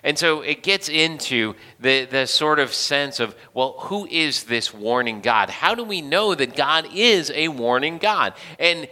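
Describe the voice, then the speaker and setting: Guy preaching a sermon, chatty and jokey, kinda high voice, echoey church. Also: animated, unhurried, few pauses, sharp tone. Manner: conversational, self-deprecating humor, frequent restarts. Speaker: pastor. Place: church sanctuary. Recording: long hall reverb.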